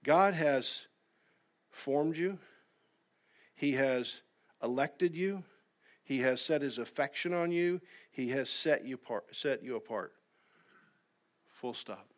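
A man preaching a sermon as pastor. He talks earnestly, dropping to soft asides and then rising to loud, emphatic exhortation. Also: mid-range voice, takes it slowly, long pauses. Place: church sanctuary.

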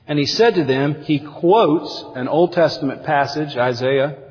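High-voiced preaching man in a big hall. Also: unhurried. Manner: animated preaching, voices quotes with big pitch swings. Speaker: pastor. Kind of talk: sermon. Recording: dull lo-fi sound with long hall reverb.

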